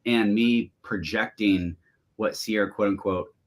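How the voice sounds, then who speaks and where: A man's voice: lowish voice, unhurried. A man in his forties, a relationship coach, talking candidly and animatedly in an interview. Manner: animated, candid, bursts of emphasis.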